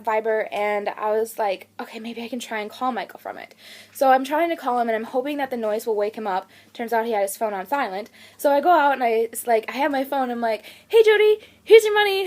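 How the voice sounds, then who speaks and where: A woman's voice: fairly high pitch, fairly quick. A young woman in her twenties telling a personal story on her vlog, acting out her own panicked quotes as she goes. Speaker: vlogger.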